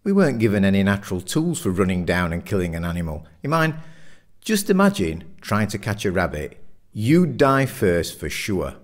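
A man voicing Richard, a quiet friend at the pub who questions the others. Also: on the low side, very animated, normal speed. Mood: questioning. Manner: probing, argumentative.

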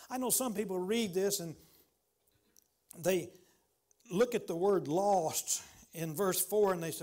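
Man, pastor, fairly high voice, emphatic sermon, loud then hushed. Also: moderate pace. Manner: emphatic preaching, swinging from loud exclamations to hushed pleading. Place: church sanctuary.

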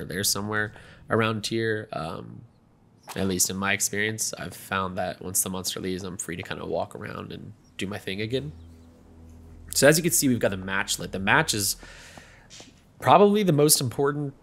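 A man's voice: fairly low pitch, a bit bright. A young man hosting a gameplay video, chatting casually with many ums and you-knows.

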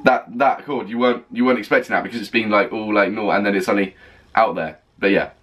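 A man reacting to an album on a first listen, gushing and excitable, stopping often to rave about what he hears. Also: fairly low pitch, fast. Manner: gushing, excitable, full of "oh my God" and "like". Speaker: music reaction vlogger. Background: faint music playing.

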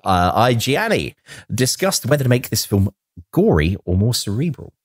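A man co-hosting a casual film podcast. His voice moves around a lot in pitch as he rambles, jokes and laughs his way through his points. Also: big pitch swings, moderate pace, slightly rough. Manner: jokey, laughing, rambling, tries impressions. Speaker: podcast co-host.

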